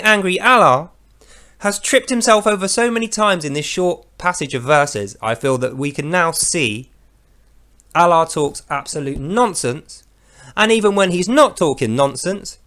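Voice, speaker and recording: A man's voice: high-pitched, big pitch swings, unhurried, pushed and bright. A man hosting a mocking, profane commentary on scripture, speaking sarcastically. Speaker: host of a religious critique channel.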